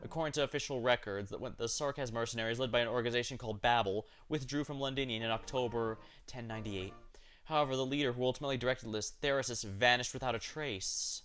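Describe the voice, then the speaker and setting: A man's voice: medium pitch, fast talker, a bit bright. A man streaming as he narrates a game story aloud, reading steadily with occasional slips and corrections.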